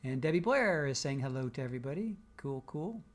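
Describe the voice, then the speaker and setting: A man's voice: medium pitch, animated, fairly quick. Joking man reading chat. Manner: joking, teasing, laughs often. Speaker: livestream host. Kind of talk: casual chat reading viewer comments.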